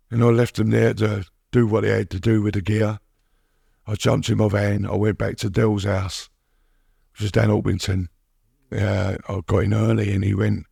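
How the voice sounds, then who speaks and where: Brief: middle-aged man, husky gravelly voice, halting candid interview talk, dry close sound. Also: fairly low pitch, flat delivery, mellow, no echo. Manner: halting, repeats words, many "you know what I mean". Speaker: podcast guest.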